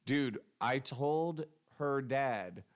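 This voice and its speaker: A young man co-hosting a casual podcast, telling stories animatedly and jumping into quoted voices. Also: drawn-out words. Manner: animated storyteller, jumps into high-pitched quoted voices. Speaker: podcast co-host.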